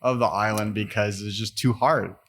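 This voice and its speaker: A man hosting a podcast interview, speaking in a reflective, thoughtful way with frequent pauses and fillers. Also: lowish voice, steady tone, a bit bright. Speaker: podcast host. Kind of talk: conversational interview.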